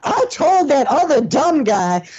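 A man voicing a dotty, bossy old grandmother who scolds slowly and rambles. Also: very high-pitched, sing-song, a little mellow, highs cut off, full character voice. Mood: scolding. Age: older. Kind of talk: prank call role-play.

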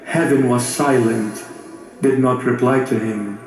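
A man preaching a sermon with emphatic phrasing, dramatic pauses and big swings in pitch. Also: steady tone. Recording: very echoey, far from the mic, music behind.

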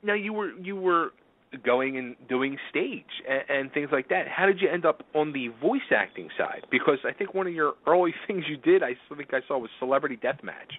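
Male host, chatty, halting questions, very lively pitch, phone-like sound. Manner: chatty, hesitant questions with fillers. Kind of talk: casual interview. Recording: lo-fi radio broadcast.

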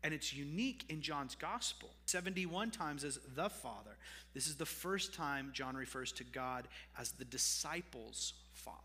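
A man's voice: on the high side, lively intonation, moderate pace, bright, forceful tone, big-room sound. A man preaching a sermon as pastor, conversational, with asides to the congregation. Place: church sanctuary.

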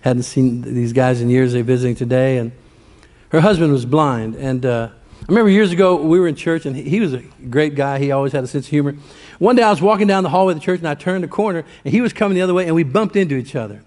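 A man's voice: fairly high pitch, fast, darkish tone. A male pastor preaching a sermon in church, folksy and conversational, full of rhetorical questions and stories.

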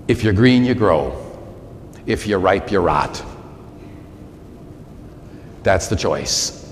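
An older man in his sixties preaches a sermon with a lively, rising and falling delivery, leaning hard on repeated words. He speaks slowly and deliberately. His voice carries a long church reverb over a faint room hum. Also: deep voice. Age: 60s. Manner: animated, emphatic repetition. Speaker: priest. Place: large church.

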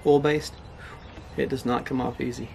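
Gravelly man co-host, quick dry one-liners, faint hiss in the room. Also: medium pitch, flat delivery. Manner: short dry replies, laughs often. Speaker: co-host husband. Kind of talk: casual chat.

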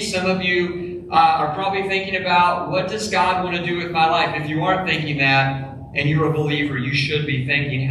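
Slow, bright-voiced preacher in an echoey church. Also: male voice, slight background noise. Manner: emphatic preaching, dropping low and quiet on key phrases. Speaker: pastor. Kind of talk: sermon. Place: church sanctuary. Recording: echoey church hall, mic from a distance.

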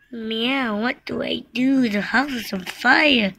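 A woman's voice: fairly high pitch, takes it slowly, few pauses, bright, forceful tone, no echo. A woman improvising a playful story, acting out several characters with repeated words and meowing sounds. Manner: playful, switching between characters, many meows and repeated words. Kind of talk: improvised toy play storytelling.

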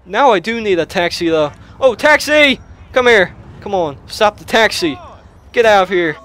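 A young man narrates a video game in a high, bright voice that leaps all over the place. He chatters casually, then breaks into loud yelps and shouts at the game. The audio sounds a little lo-fi. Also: expressive, normal speed. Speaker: let's play gamer. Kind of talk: excitable gameplay commentary. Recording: lo-fi restored audio.

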